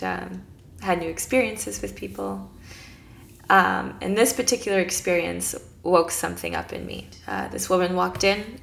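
A woman speaks in a lowish, gravelly voice with a good deal of vocal fry. She tells her story in an earnest, reflective way and voices her own past thoughts as she goes. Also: fairly bright tone. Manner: earnest, reflective, recounts events with quoted inner dialogue. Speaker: guest. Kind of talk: casual storytelling.

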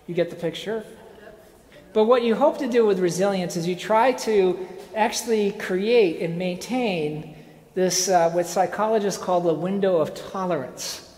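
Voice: medium pitch, normal speed, a little mellow. A speaker giving an informal slide lecture, telling a parable in a conversational way with wry asides, frequent fillers and restarts. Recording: echoey hall with long reverb.

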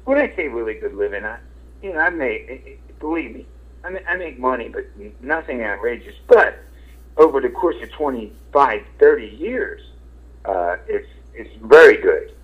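Frank Philly radio host on a tinny line. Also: male voice, mid-range voice, sing-song, normal speed, husky. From Philadelphia. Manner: rambling, frank, swears casually, many fillers. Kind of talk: casual interview talk. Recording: tinny phone-like radio sound.

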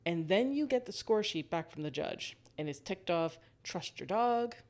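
A woman hosting a casual storytelling monologue, lively, laughing often and walking the listener through a scene. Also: lowish voice, moderate pace.

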